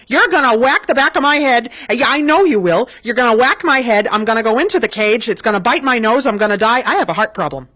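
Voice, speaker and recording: A woman's voice: high-pitched, sing-song, moderate pace, a bit bright, voice pushed up, heavily acted. A woman putting on a fretful, panicky old mother. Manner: fretful and insistent. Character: anxious, fearful elderly mother.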